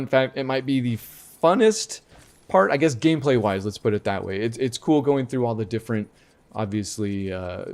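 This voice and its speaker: A man's voice: lowish voice, darkish tone. A man hosting a casual video game podcast, rambling and often correcting himself as he talks. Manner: rambling, self-correcting, conversational. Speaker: podcast host reviewing video games. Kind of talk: casual chat.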